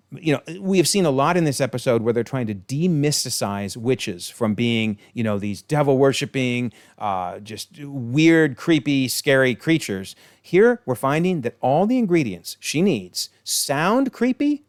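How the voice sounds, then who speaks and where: A man talking through a TV episode in a loose, chatty way, amused and quick to call things hilarious. His voice sits at an ordinary middle pitch. The sound is dry and close, with no room echo. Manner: briefly acts out quoted lines in changed voices. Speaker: online TV episode reviewer. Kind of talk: casual episode breakdown commentary.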